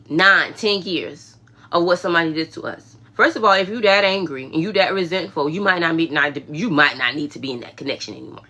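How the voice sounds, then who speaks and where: Female livestream host, casual faith talk, low pitch, bright sharp tone. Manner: emphatic, conversational, preachy asides.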